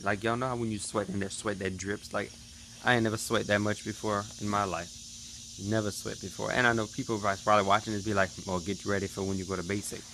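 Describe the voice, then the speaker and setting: A man's voice: lowish voice, bright, forceful tone, a little hiss or hum. Chatty thirty-year-old man vlogging. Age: 30s. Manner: chatty, talks straight to viewers. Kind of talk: casual vlog recap.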